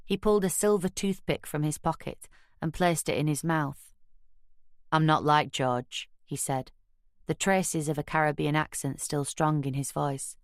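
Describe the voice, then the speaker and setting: A woman narrating a crime audiobook in the first person, measured and wry, recorded close on a studio mic. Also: sits low, fairly even intonation, no room sound.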